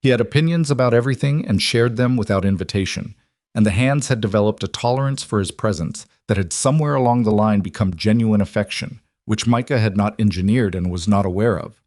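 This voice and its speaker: A man narrating a scripted story in a calm, even tone. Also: lowish voice, a little fast, no echo, clean studio sound.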